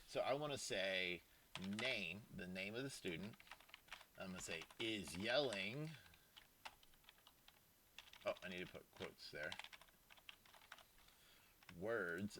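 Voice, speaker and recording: Over keyboard typing and clicks, a low-pitched man gives a casual, screen-recorded programming lesson in a noisy background. He thinks out loud as he teaches, with informal asides and restarts.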